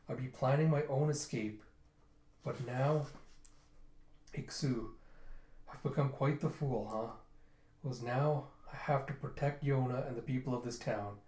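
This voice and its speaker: Animated man retelling a manga, echoey room. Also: mid-range voice. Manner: animated retelling, jumping into character voices. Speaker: manga reviewer reading aloud. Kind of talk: casual manga readthrough.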